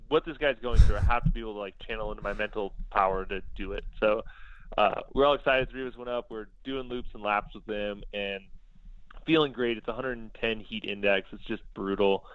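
Low-voiced man telling a lively story. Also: fairly quick. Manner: lively, acts out quoted dialogue. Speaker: podcast guest. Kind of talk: casual storytelling. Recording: dull lo-fi sound.

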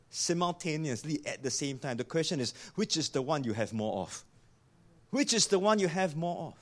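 Man, pastor, sermon, animated pitch, emphatic. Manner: animated, emphatic, repeats key lines.

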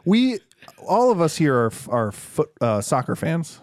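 A man's voice: a little high, sing-song, measured pace, a little mellow, no room sound. A man co-hosting a casual podcast, making wry, teasing, sarcastic asides. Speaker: podcast co-host. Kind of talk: casual chat over beer.

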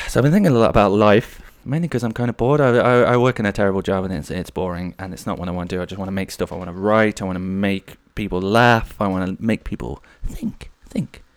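Low-voiced man rambling through a story. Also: no room sound. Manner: rambling, animated, swears freely. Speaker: podcast host. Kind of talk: casual solo storytelling monologue.

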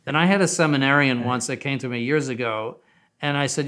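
A man's voice: mid-range voice, a little fast, fairly bright tone, clean tone. An older man who heads a seminary, talking casually in an interview, rambling with many fillers and restarts.

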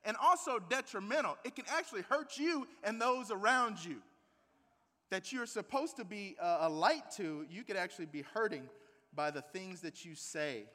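High, bright-voiced preaching man. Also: moderate pace, in a large hall. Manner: animated, emphatic preaching with rhetorical questions. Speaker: pastor. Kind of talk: sermon.

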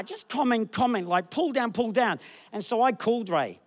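A middle-aged pastor with a very high-pitched voice preaches at a moderate pace. He livens up the sermon with jokey stories and does voices for the people he quotes.

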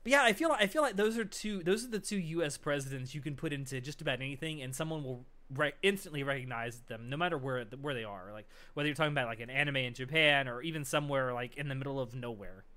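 Bright-voiced chatty man. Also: mid-range voice. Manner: loose, chatty, quick to laugh. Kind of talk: casual chat.

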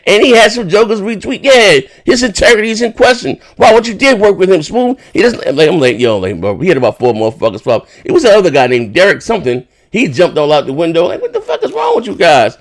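A man hosting a casual podcast, rambling through a story and swearing freely. His voice sits a little high. He gets animated and incredulous as he talks. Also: fast, few pauses. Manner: rambling, profane, animated retelling. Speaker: podcast host. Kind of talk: casual chat.

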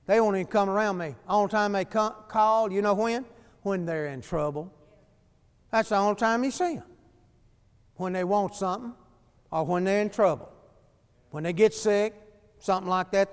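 Male preacher, high clear voice, emphatic folksy sermon, long reverb in a hall. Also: moderate pace. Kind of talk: fiery sermon.

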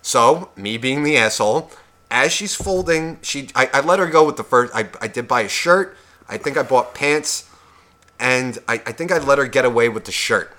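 A man's voice: mid-range voice, animated, moderate pace, pushed and bright. A man on a podcast, telling a profane shopping story and acting out both sides of the conversation. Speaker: podcast co-host. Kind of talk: casual storytelling rant.

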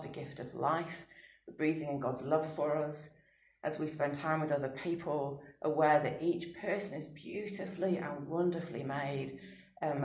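Interview guest: a woman in her thirties with a low voice, telling reflective personal stories, quick to laugh at herself, recorded in a roomy, echoey space. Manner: thoughtful, soft-spoken, laughs readily at her own stories. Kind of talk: reflective personal storytelling on faith.

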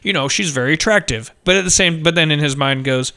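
A man's voice: on the high side, fast talker, sharp tone. A man co-hosting a casual movie-review podcast, rambling and laughing as he retells scenes. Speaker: podcast co-host.

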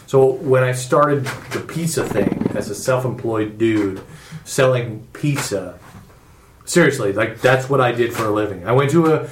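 A middle-aged man with a medium-pitched voice rambles through a casual chat as a podcast regular, telling stories loosely and with plenty of profanity. He's in an echoey room with faint noise.

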